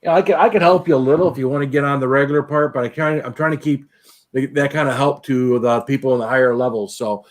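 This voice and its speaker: A man's voice: medium pitch, quick pace. A man hosting a casual livestream, greeting viewers by name and chatting. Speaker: livestream host.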